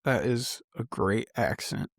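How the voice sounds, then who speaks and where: A man's voice: mid-range voice, lively intonation, slow pace, gravelly, dry recording, studio quality. A man co-hosting a podcast in casual chat, laid-back and enthusiastic. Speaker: podcast co-host.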